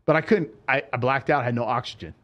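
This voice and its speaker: A man's voice: mid-range voice, fast talker, fairly bright tone, dull audio. A man hosting a casual podcast chat, telling stories animatedly with frequent stumbling restarts.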